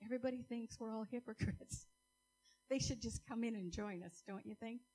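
A woman's voice: on the high side, normal speed, mellow, husky, poor audio. A woman giving an earnest, emotional church testimony, speaking directly to a congregation.

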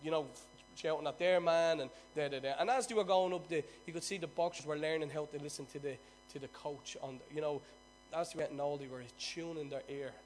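A man with an Irish accent preaching in a high voice. He tells stories and swings between loud bursts and quiet asides. Soft music plays faintly behind him. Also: fast, few pauses. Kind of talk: sermon.

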